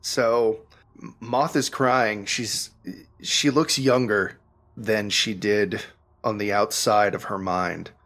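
A man running a tabletop role-playing game as game master, narrating in a halting, unhurried way. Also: lowish voice, steady tone, a bit bright. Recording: faint music behind.

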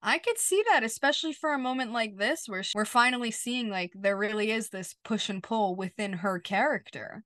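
A woman's voice: on the high side, moderate pace, few pauses, fairly bright tone, no echo, clean studio sound. A young adult woman co-hosting a podcast, casually recapping a TV episode by quoting the characters' lines. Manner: retells scenes by quoting dialogue, "and he's like". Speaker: podcast co-host.

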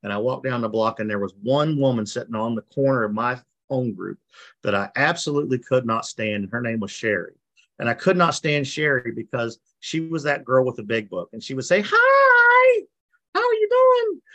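A man's voice: medium pitch, fairly quick, a bit bright. A man giving a personal recovery testimony on a video call, telling his story in a folksy way and acting out the people he quotes. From West Virginia. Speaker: recovery meeting speaker.

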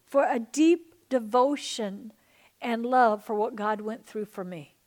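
A woman pastor in middle age, praying over a congregation with earnest fervor. Her voice sits a little high for a woman. Her delivery is heartfelt and devoted. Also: slow pace, darkish tone. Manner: earnest, fervent prayer. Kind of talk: sermon prayer ministry.

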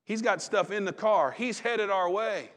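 A man preaches in a relaxed, folksy manner. He acts out the voices in the stories he tells. His voice sits a little high. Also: unhurried. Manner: folksy, conversational preaching with dramatized quotes. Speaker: pastor. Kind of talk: sermon.

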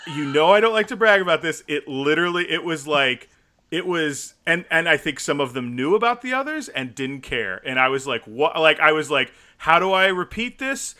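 Young American man, bright higher voice, rambling podcast co-host. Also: big pitch swings, moderate pace. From United States. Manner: rambling, filler-heavy storytelling. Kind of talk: casual chat.

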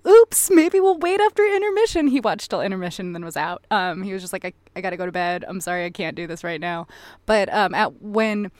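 A woman in her thirties talks through a film in a relaxed podcast chat, with a voice of middling pitch. She is chatty and laughs easily, and she acts out little quotes as she goes. The sound is close and dry. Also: no room sound. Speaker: podcast co-host. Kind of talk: casual film discussion.

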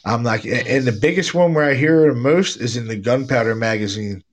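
A man's voice: mid-range voice, a little fast. Laid-back man telling ghost stories. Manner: laid-back storytelling, says "man" and "dude" a lot. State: stuffy nose. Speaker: podcast host, paranormal investigator. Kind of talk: casual chat.

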